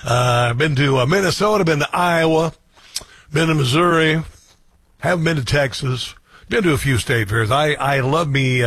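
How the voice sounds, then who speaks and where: A man's voice: fairly high pitch, normal speed, music in the background. A man hosting a talk show, delivering a political commentary monologue with sarcastic, rambling asides.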